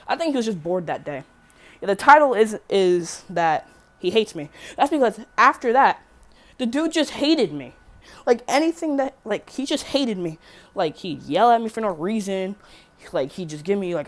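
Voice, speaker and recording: A teenage girl rambling through a casual storytime vlog, swearing freely and correcting herself as she goes. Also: mid-range voice. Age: teen. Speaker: vlogger.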